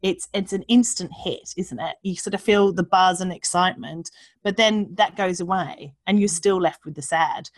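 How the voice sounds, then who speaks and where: A woman talking candidly as a guest, frank and animated, swearing freely and acting out the voices she quotes. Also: on the low side, normal speed, no room sound. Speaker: podcast guest. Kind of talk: candid conversational chat.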